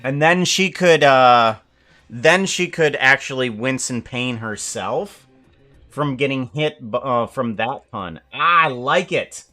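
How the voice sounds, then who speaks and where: Man, slow thinking-aloud delivery, bright edgy voice, faint music behind. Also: mid-range voice. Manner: musing, full of fillers and self-corrections. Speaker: animator planning a script. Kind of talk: thinking aloud while working.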